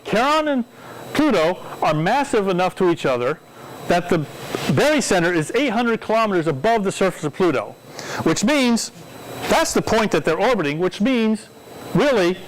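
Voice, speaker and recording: A high-voiced man lectures on astronomy to a live audience, loose and chatty, wandering into asides and checking in with the room. A faint hum of background noise sits under his voice. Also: poor audio. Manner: conversational, digressive, asks audience questions. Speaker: astronomy speaker. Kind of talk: public science talk.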